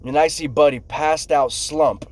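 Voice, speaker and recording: A middle-aged man who works in construction, telling a casual, profane story and acting out what people said, loud and animated. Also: a little high, a little slow. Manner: profane, animated storyteller, acts out shouts and quotes. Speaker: construction worker telling stories.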